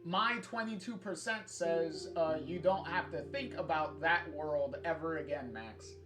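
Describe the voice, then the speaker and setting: A streamer reading a brisk woman agent. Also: mid-range voice, natural voice. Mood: businesslike. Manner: reads the lines flatly with fillers. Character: brisk adult woman art agent, businesslike. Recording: roomy sound with guitar music.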